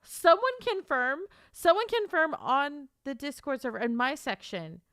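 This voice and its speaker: A woman author chatting live on her stream, excitable and swearing freely, repeating herself as she talks to viewers. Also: high-pitched, unhurried, no room sound, studio quality. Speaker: livestreamer and author. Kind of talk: casual live stream chat.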